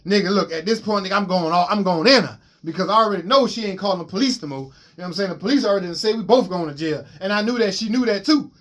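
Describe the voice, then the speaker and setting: A man casually telling a long personal story to his viewers in an animated, profane way, with lots of repeats and restarts. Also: sits high, very fast, hardly any pauses. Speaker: vlogger.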